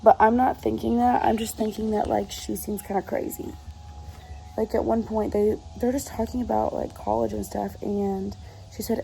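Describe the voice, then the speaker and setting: A woman's voice: mid-range voice, flat delivery, normal speed, vocal fry, dark tone, slight background noise, poor audio. A woman chatting casually about a book she's reading, rambling and exasperated, with lots of filler words. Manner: exasperated, rambling, heavy use of filler 'like'. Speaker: book reviewer.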